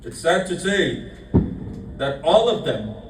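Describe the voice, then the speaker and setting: Male preacher, fairly high voice, echoey room from some distance, repeats lines, swings loud and hushed. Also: very animated, slow, background noise. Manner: repeats key lines for emphasis, shifts between loud and hushed. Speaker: speaker at a Muharram majlis. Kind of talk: sermon. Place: mosque hall.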